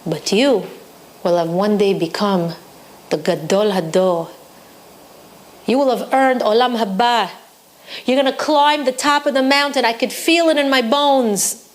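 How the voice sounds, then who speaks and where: A woman voicing a wise wife who calmly and earnestly encourages her husband. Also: a little high, measured pace, pauses often, lightly acted. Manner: calm, earnest persuasion.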